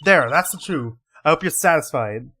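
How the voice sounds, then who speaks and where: A man voicing a smug, scheming female card-sharp dealer in a video game, with slow, drawn-out tough talk. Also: fairly high pitch, lively intonation.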